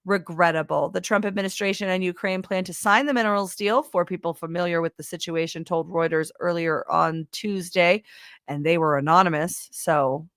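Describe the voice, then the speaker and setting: Woman, news talk co-host, sarcastic, casual commentary, middle pitch, dry close sound. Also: fairly even intonation, normal speed, a bit bright, dry recording. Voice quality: sarcastic, jokey, trails off when searching.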